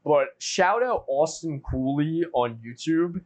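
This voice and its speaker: Earnest guy reviewing a movie, voice on the higher side, goes off on asides. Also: lively intonation, slow pace. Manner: earnest, builds points at length with asides. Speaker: podcast co-host. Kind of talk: casual film review discussion.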